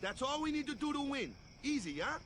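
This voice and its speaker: A peppy team captain, very high. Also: male voice, very animated, fairly quick, a bit bright, slight background noise, heavily acted. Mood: rallying. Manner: upbeat pep talk.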